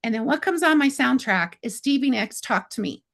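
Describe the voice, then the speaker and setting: A woman's voice: high-pitched, animated, moderate pace, creaky, fairly bright tone. A woman in her fifties from Arizona, a guest telling a personal story in a chatty way, often acting out what others said. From Arizona, USA. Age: 50s. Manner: chatty, acts out others' lines in quotes, many "like" fillers.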